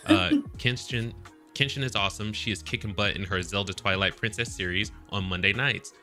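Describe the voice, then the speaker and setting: A man's voice: on the low side, normal speed, sharp tone, soft background music. A man hosting a casual live panel stream, joking, laughing often and reading viewer messages aloud. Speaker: livestream panel host.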